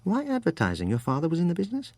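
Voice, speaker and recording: A man's voice: fairly high pitch, wildly swooping pitch, rapid-fire, a little mellow, no echo, pitched above the performer's own voice, exaggerated voice. A man putting on a genial English-accented art dealer. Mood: curious. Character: smooth mid-forties British-born art dealer.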